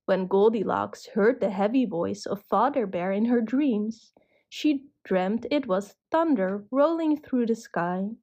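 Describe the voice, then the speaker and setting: A woman narrating a children's cartoon story in a gentle, measured way. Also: medium pitch, expressive, muffled recording.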